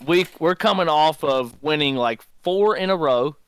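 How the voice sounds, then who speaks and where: A man's voice: a little high, animated, moderate pace, fairly bright tone, clean tone, dry recording. A man telling old stories in a casual podcast chat, laid-back and drawling. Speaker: podcast co-host.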